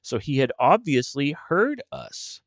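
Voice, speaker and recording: A man's voice: medium pitch, wildly swooping pitch, measured pace, no echo, clean studio sound. A man hosting a podcast on his own, chatting casually and animatedly in a slangy, joking way. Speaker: podcast host. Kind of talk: casual solo podcast chat.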